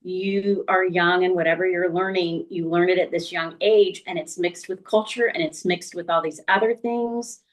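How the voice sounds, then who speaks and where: A woman's voice: fairly low pitch, steady tone, moderate pace, few pauses, low-quality recording. A middle-aged woman author speaking as an interview guest, earnest and thoughtful in her reflections.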